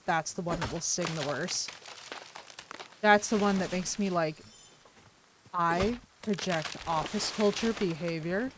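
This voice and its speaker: A woman streamer chatting casually with her viewers, effusive, unfiltered and animated. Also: mid-range voice, noisy background.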